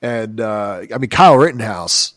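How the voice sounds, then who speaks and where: A man's voice: lowish voice, lively intonation, normal speed, dry recording, clean studio sound. A man from the United States telling a true crime story in casual, joking podcast chat. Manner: joking, rambling, mocking asides. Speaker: podcast co-host.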